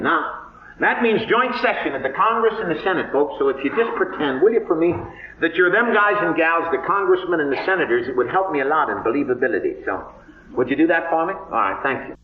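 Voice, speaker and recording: An actor as a drawling folksy cowboy humorist, echoey stage. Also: male voice, fairly high pitch, close to an everyday voice. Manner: drawling, homespun grammar, teasing asides to the audience. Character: folksy wisecracking cowboy humorist, middle-aged man. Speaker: one-man stage show performer. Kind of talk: live stage monologue. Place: theater stage before an audience. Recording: echoey, dull live stage recording from far off with loud noise. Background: audience laughter.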